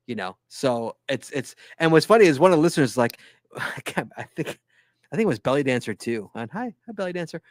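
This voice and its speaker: A man's voice: medium pitch, big pitch swings, brisk, dry recording, studio quality. A man hosting a casual podcast, telling rambling stories with enthusiasm and frequent laughter. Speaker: podcast host.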